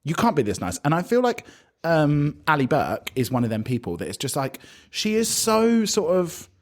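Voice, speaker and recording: A British man co-hosting a chatty podcast, camp and gossipy. His pitch swings all over the place as he talks. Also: very animated, moderate pace. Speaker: podcast co-host. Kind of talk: casual chat.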